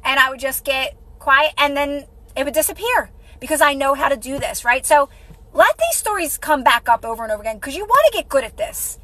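A woman's voice: high-pitched, lively intonation, brisk, sharp tone, rough recording. A woman hosting a casual motivational livestream, repeating herself encouragingly and greeting viewers by name. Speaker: livestream host.

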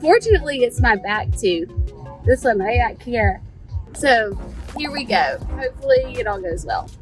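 A woman's voice: fairly high pitch, big pitch swings, normal speed, faint music behind, rough recording. A woman vlogging in a casual, chatty way, telling stories with animation. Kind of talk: casual vlog chat.

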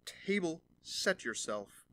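A man's voice: a little high, very animated, takes it slowly, bright, forceful tone, heavily acted. A man voicing a boastful young journeyman turner in a fairy tale reading. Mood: proud. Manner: boastful, commanding.

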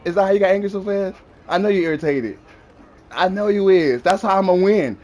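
A man's voice: high-pitched, fairly quick, darkish tone. A young man gaming and trash-talking an opponent over voice chat, taunting and mocking, repeating his insults over and over. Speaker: gamer.

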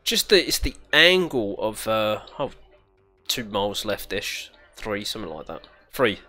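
A young British man with a lively, jumpy voice talks his way through a racing game at an unhurried pace. He chats, swears and giggles a lot, and faint music plays underneath. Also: fairly low pitch. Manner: chatty, swears and giggles often. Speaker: gaming channel host. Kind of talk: casual let's-play commentary.

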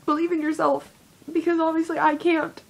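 A woman's voice: very high voice, little pitch movement, normal speed, gravelly. A young woman giving a rambling, heavily profane, self-deprecating confessional vlog monologue as a YouTuber.

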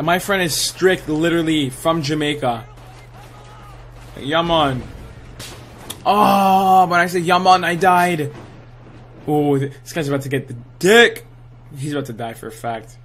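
A young man with a slightly high voice narrates his own gameplay live, hyped and trash-talking. He drops gamer slang constantly. A faint noise sits under the recording. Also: unhurried, pauses often, a bit bright. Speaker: gaming channel host.

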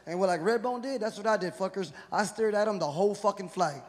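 This Houston, Texas, stand-up comedian has a high voice and talks fast with hardly any pauses, keeping his set profane, rowdy and punchy. He's performing live on stage, captured with long reverb, crowd noise, laughter and the hum of the hall.

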